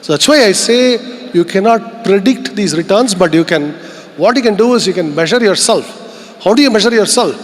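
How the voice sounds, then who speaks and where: A man's voice: high-pitched, lively intonation, normal speed. A middle-aged Indian man giving a conference keynote speech, earnest and reflective, asking the audience rhetorical questions. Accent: Indian English. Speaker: keynote speaker. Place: large conference hall. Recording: long hall reverb.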